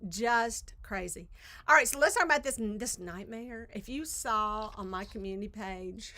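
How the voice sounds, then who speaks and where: A woman's voice: a little high, animated, slow pace, bright, forceful tone. A woman, chatting casually on a craft livestream, rambling and self-deprecating, often trailing off mid-thought. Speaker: crafting vlogger. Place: home craft studio.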